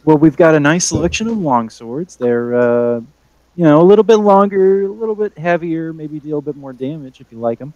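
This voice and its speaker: A man's voice: a little high, lively intonation, brisk, darkish tone, no echo, lo-fi sound, lightly acted. A man voicing a mildly annoyed female sword seller, casually talking up her blades. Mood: salesy. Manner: casual sales talk.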